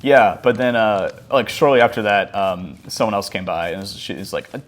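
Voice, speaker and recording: A man's voice: on the low side, normal speed. A man telling a casual story over gameplay, rambling along with many fillers like "like" and "um". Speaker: gaming channel host.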